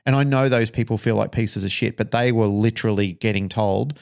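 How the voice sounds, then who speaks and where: A man tells a story on a podcast with raw, open emotion and the occasional swear word. His voice sits low and has a rough, gravelly grain. He talks frankly, like a trainer speaking from experience. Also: brisk, a little mellow. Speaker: dog trainer and podcast co-host.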